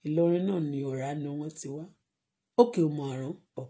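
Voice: mid-range voice, rapid-fire, warm tone. A blogger from Nigeria with a Nigerian accent, chatting casually on a live stream, laughing often and switching languages freely. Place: at home in Canada.

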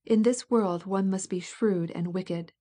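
A woman's voice: medium pitch, a little slow, warm tone, lightly acted. A woman voicing a proud, resentful princess who speaks sharply and feels wronged. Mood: bitter, indignant. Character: proud bitter princess, middle-aged woman.

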